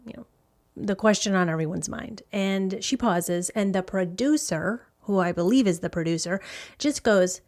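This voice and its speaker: A woman's voice: medium pitch, normal speed, a little mellow. A middle-aged woman hosting a podcast, telling a true-crime story in a casual, blunt and indignant way, swearing freely. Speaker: podcast host.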